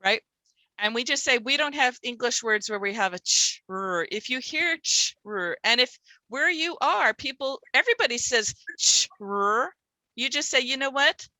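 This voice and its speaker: A woman leads a workshop for reading teachers, stretching out sounds and syllables as she demonstrates. Her voice is bright and a little high. The recording is dry and close, with no room echo. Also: expressive. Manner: demonstrative, sounds out words slowly. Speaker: literacy teacher trainer. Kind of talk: workshop presentation.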